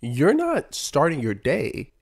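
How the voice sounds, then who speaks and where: A young man from New York co-hosting a podcast, ranting in a casual, animated way and laughing often. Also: on the high side, slow pace, creaky. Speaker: podcast co-host. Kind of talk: casual chat.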